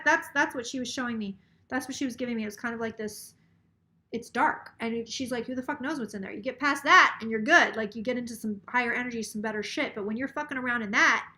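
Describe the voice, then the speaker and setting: A woman with a bright, slightly high voice talks through a casual live psychic reading. She sounds a little tipsy and rambles as she relays a spirit's words. She swears freely along the way. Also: fast talker. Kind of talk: casual live tarot stream, relaying messages.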